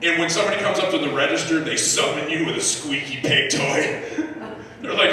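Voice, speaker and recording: A man performing a profane, animated stand-up set on a live comedy club stage, acting out voices and shouting punchlines. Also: a little high, fairly quick. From United States. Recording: echoey club room recorded from a distance. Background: audience laughter.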